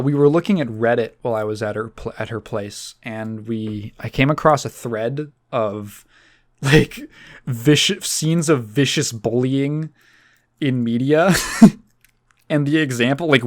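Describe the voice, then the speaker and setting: A man's voice: medium pitch, unhurried. Rambling, laughing podcast host, a man. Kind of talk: casual chat.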